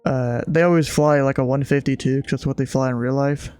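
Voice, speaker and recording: A man's voice: mid-range voice, fairly even intonation, brisk, a little mellow, clear, resonant tone, no echo, soft background music. A young American man from Kentucky who streams, chatting casually and laughing a lot, and slipping into clipped radio calls as a flight controller. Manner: laughs often, casual slang. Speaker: streamer playing air traffic controller.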